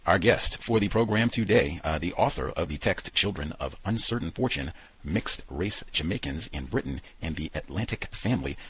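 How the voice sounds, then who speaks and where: A man's voice: low voice, lively intonation, normal speed, husky, dry recording, rough recording. A man hosting a radio talk program, telling stories animatedly with lots of quoted asides and fillers. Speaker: radio show host.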